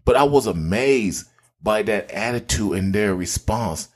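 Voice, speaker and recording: A man with a husky, slightly low voice, chatting in a casual discussion. He tells stories emphatically, and his pitch swings widely as he talks. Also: a little slow. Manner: animated, emphatic storyteller.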